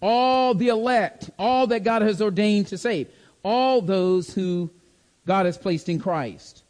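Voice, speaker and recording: The man's voice sits high and a little mellow, slow and carrying a big-room sound as he preaches a Bible study. Emphatic in manner, he repeats key words and checks that the class is following along.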